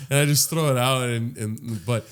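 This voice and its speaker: A man's voice: medium pitch, normal speed, clear, resonant tone. A young man co-hosting a casual podcast, telling a crude story with lots of laughter and acted-out voices. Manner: animated storyteller, laughs often, acts out voices. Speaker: podcast co-host.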